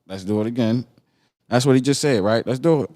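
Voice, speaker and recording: A man with a Baltimore accent hosting a podcast, reacting to a video in animated casual commentary, repeating himself and asking "right?". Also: mid-range voice, brisk. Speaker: podcast host.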